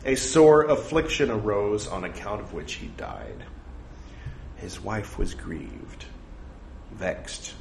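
Man, unhurried scripture reading, lively swooping delivery, wry digressions, echoey room with faint hiss. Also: medium pitch. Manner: deliberate, dramatic emphasis; playful, self-mocking digressions. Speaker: scripture reciter.

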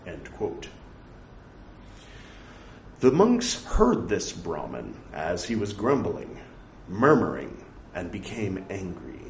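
A man reciting translated Buddhist scripture aloud, reading deliberately and speaking the quote marks and punctuation. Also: mid-range voice, darkish tone. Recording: echoey room with faint noise.

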